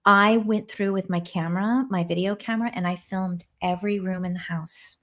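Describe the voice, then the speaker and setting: A woman in her forties chats on her home livestream, warm-hearted and rambling. She stops to answer viewers' comments as they come in. Her pitch sits in the middle of the range for a woman. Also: steady tone, moderate pace. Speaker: livestream host. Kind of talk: casual live-stream chat.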